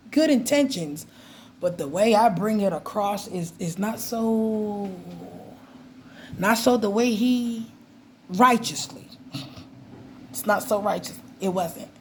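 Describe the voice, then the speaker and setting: A woman vlogging in a casual, animated way about her faith, laughing and mimicking voices as she tells stories. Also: mid-range voice, slow, long pauses, slight background noise. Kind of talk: casual faith talk to camera.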